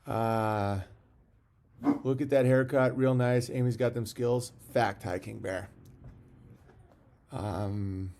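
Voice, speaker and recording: A man hosting a relaxed livestream, talking at an ordinary middle pitch. He rambles from thought to thought, reads out viewer comments and answers them bluntly, with the occasional swear. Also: slow pace, pauses often, slight background noise. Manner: blunt and profane. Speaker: livestream host. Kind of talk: casual livestream chat.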